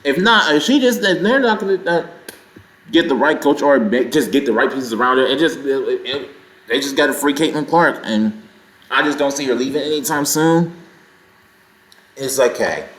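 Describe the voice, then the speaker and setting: A man hosting a sports reaction vlog, talking in an excitable, indignant and rambling way. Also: mid-range voice, normal speed, echoey room. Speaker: sports channel host.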